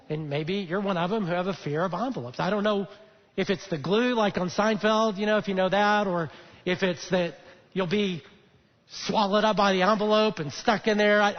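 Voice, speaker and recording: A pastor with a high voice gives a sermon in a loose, conversational way, pausing often on fillers. His voice carries a long reverb in a church auditorium. The sound is a bit muffled. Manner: conversational storytelling with frequent fillers. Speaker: lead pastor. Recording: dull echoey church hall.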